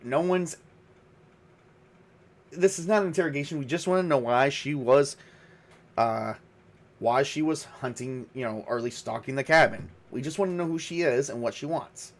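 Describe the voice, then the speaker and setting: A man's voice: mid-range voice, moderate pace, long pauses, natural voice. A man doing an insistent survivor guy. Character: earnest male survivor, cabin owner's ex-husband.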